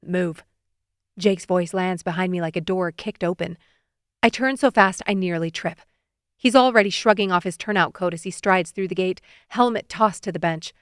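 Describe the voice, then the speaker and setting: A woman narrating a romance audiobook in the first person, expressive and giving feeling to the characters' lines. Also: fairly low pitch, moderate pace, clear, resonant tone, no room sound, clean studio sound.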